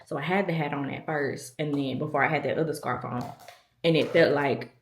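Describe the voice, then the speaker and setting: A woman's voice: low voice, steady tone, fairly quick, echoey room, a little hiss or hum. A woman vlogging in casual talk to camera, chatty and self-deprecating, a little out of breath, with many fillers.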